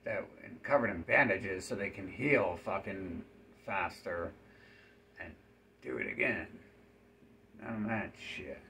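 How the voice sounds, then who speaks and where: A man's voice: low voice, animated, unhurried, gravelly, long pauses, sharp tone, a little hiss or hum. A man speaking in a rambling, profane, run-on monologue.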